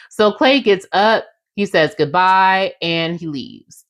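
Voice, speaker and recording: With a medium-pitched, expressive voice and a slow delivery, a young woman chats her way through a reality show recap on her casual podcast. She's sassy, speaks straight to her audience, and acts out lines from the show.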